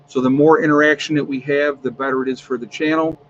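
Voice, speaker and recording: A man's voice: on the high side, fairly even intonation, quick pace, fairly bright tone, dull audio, slight background noise. Chatty man hosting a livestream. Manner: chatty, with many ums and uhs. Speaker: livestream host. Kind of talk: casual livestream chat. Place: home, on his homestead.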